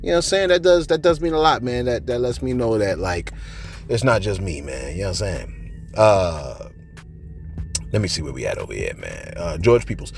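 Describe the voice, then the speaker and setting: Male commentary host: low voice, lively pitch, slangy, chatty, faint music under him. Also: normal speed, creaky. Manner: animated, repeats "man" and "you know what I'm saying"; slangy, playful asides. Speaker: channel host reading viewer comments. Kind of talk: casual commentary.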